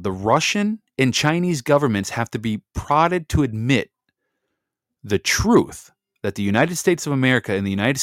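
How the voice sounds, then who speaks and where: A middle-aged man from Michigan, reading documents aloud slowly with emphasis and breaking into casual chatty asides as a host. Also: fairly low pitch, no room sound, studio quality. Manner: reads slowly with emphasis, then chats in asides.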